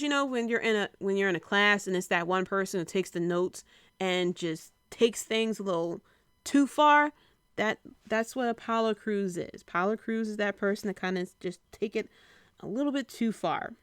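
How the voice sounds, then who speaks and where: A woman hosting a podcast, recapping in a casual, rambling way with lots of filler pauses and wry asides. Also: mid-range voice, lively intonation, fairly bright tone, clean tone, no room sound, studio quality. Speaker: wrestling podcast host.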